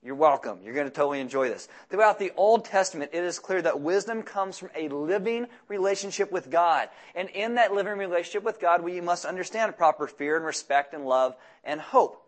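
A man preaching to his church in an easy, chatty way, dropping deadpan jokes between the verses he reads. His voice sits a bit higher than most men's. He sounds like a pastor talking straight to his own people. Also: a little fast, hardly any pauses. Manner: conversational, joking asides between scripture readings. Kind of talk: sermon.

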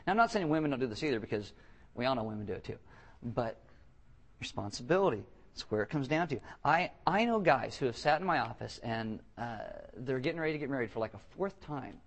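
Animated joking male pastor preaching. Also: mid-range voice, fast talker. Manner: animated, joking, acts out quotes in voices. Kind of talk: sermon.

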